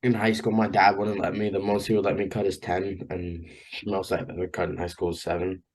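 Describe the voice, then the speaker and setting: A young man with a Long Island accent, a guest in a casual podcast chat, relaxed and chatty, leaning on "like" a lot. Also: deep voice, a little fast. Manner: relaxed, chatty, uses lots of "like". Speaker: guest, college wrestler.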